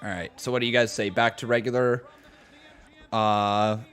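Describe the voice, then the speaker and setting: A loud, excitable man hosting a live watch-along stream, chatting and reacting as he goes. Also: lowish voice, normal speed. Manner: loud and excitable, laughs often.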